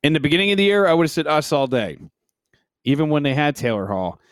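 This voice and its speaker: A man's voice: a little high, very animated, fast talker, dry recording, studio quality. A man co-hosting a casual sports podcast, joking and sarcastic about his team. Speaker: podcast co-host.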